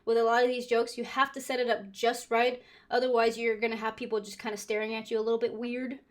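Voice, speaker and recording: A woman's voice: on the high side, level tone, fast. A woman hosting a reaction video, chatting casually about a comedy show. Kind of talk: casual commentary.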